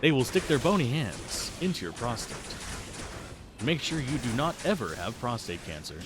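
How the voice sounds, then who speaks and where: A man doing a joking Southern-twang sales pitch as a macabre carnival barker. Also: sing-song, normal speed, music in the background, natural voice. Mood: mock-salesy. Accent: put-on American Southern twang. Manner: mock sales-pitch delivery.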